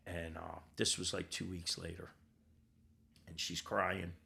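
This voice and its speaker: A gravelly older man speaks in a low register, his voice full of rough vocal fry. He tells his story as a podcast guest, blunt and raw, swears without a filter, and slips into the voices of the people he quotes. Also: little pitch movement, measured pace, pushed and bright. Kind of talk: candid personal storytelling.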